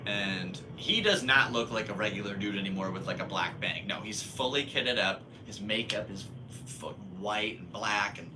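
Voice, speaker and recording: A young man hosting a podcast tells a long story in a casual, rambling, laid-back monologue, laughing at himself along the way. His voice is lowish, his speed is normal, and there is background noise.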